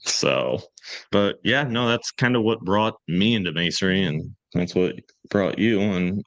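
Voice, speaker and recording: A man's voice: sits low, unhurried, fairly bright tone, no echo, muffled recording. A man in his thirties telling a rambling, self-deprecating story in casual podcast chat and acting out the quoted lines. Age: 30s.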